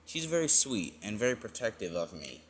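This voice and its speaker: A man's voice: on the low side, sing-song, a little fast, a little hiss or hum. A man voicing a polite, slightly hesitant teenage boy adventurer while retelling a story. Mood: mild. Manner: polite, a little hesitant, hardly acted.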